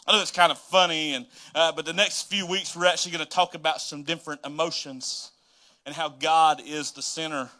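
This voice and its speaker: A man, preaching as pastor and telling a story with animated, dramatic asides. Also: on the high side, fairly quick. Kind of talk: storytelling sermon.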